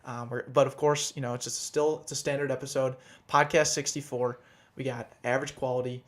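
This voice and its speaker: Guy cohosting a podcast, pretty flat voice, rambly upbeat banter. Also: mid-range voice, brisk. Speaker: podcast co-host. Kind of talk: casual chat.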